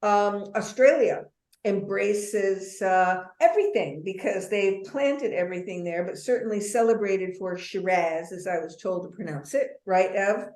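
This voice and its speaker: A woman leads a wine tasting lesson over a video call, her voice mid-pitched and chatty. She fills her talk with ums and playful asides. The sound is roomy, with a noticeable echo around her. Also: unhurried. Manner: chatty, warm asides, many fillers.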